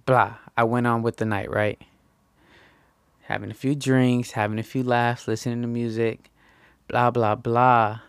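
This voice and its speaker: A young man telling a rambling, slangy story, often tagging "right?" and jumping high in pitch when he quotes himself. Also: clean tone, no room sound. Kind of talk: casual anecdote.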